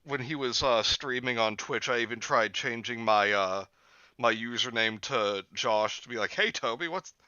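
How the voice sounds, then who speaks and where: Brief: quippy co-host in their late twenties, bright voice, dull dry recording. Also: medium pitch, steady tone, normal speed, clean tone, dry recording. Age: late 20s. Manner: joking, quotes memes. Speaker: podcast co-host. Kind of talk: casual chat.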